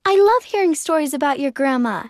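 A woman voicing curious young girls in a children's story, earnest and bright. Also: sits high, lively intonation, brisk, no echo. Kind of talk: children's magazine story reading.

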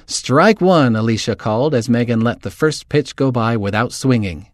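A man's voice: fairly quick, dry recording. Man reading a story in a dry voice. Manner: steady storytelling, lifts pitch for quoted voices. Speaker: reader. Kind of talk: story read aloud.

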